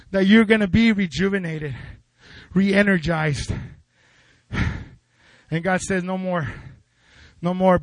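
A man's voice: sits high, no echo. A man preaching a fervent sermon in a church, calling out to the congregation. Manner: fervent, call-and-response with congregation.

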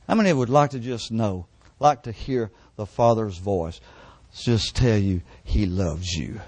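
An older man preaching a sermon at a church service, telling his testimony with fervent repetition and dropping to hushed tones at the emotional peaks. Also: fairly low pitch, unhurried, hardly any pauses, husky, no room sound.

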